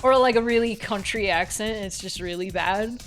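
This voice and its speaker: A woman streamer reading a visual novel aloud, laughing often and breaking off into animated chat. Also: medium pitch, normal speed, faint music behind. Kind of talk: narrating a story and chatting.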